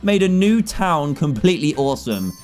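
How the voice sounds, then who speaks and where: A young man in his twenties giving excitable, jokey let's-play commentary, laughing often as he plays. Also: fairly high pitch, moderate pace, soft background music. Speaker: gaming YouTuber.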